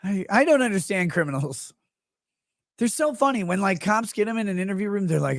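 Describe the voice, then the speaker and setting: A man's voice: sits high, animated, fairly quick, no room sound, studio quality. A man hosting a livestream, talking casually with sarcasm and mocking asides, often acting out the people he describes. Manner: sarcastic, mocking, acts out quoted people in put-on voices. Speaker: livestream host. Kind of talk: casual commentary.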